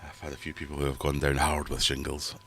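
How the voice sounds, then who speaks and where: A middle-aged man with a very low voice hosts a livestream from his fish room at home. He reads out viewer comments and rambles on in a chatty, self-mocking way. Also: monotone, fast, a bit bright, a little hiss or hum. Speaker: livestream host. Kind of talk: casual livestream chat reading viewer comments.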